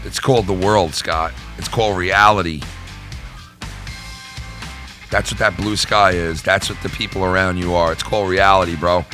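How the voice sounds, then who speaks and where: A man's voice: deep voice, fairly even intonation, fairly quick, bright, forceful tone, soft background music. A middle-aged man hosting his own channel, ranting in a heated, profane way and repeating himself. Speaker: YouTube channel host. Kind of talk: vlog rant to viewers.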